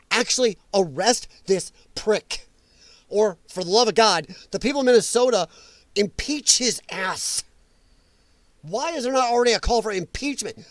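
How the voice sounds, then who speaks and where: Brief: male show host, high voice that swings wildly, sarcastic and worked up, dry close sound. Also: no room sound. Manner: heated, sarcastic, mocking. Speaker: political commentary host. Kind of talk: livestream rant.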